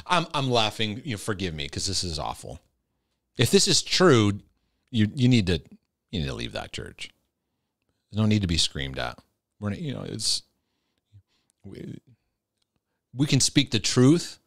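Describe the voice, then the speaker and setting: A man's voice: fairly low pitch, huge pitch swings, a little slow, gravelly, pauses often, fairly bright tone, no room sound, studio quality. A man answering viewer questions in a casual, earnest and direct way, often restarting his sentences. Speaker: Christian mental health teacher answering viewer questions.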